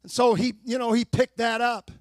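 Older man, preacher, very high voice, dry close sound, fervent sermon, folksy plain talk. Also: fairly even intonation, no room sound. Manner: fervent, shouting exhortation that drops to low, slow storytelling.

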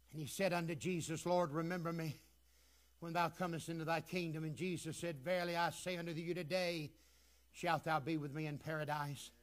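A high-voiced male preacher delivering a sermon in a slow, deliberate cadence. His voice dips into hushed, low phrases and then swells into ringing, shouted peaks. It has a bright, forceful edge throughout. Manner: swings from hushed low lines to shouted climaxes.

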